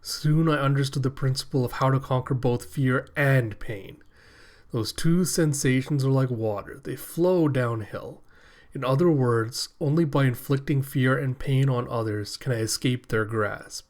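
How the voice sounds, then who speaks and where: A man voicing a gloating, monstrous male cyborg villain who speaks slowly and booms out cackling threats. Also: darkish tone, lightly acted. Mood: menacing. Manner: slow, booming, cackling threats.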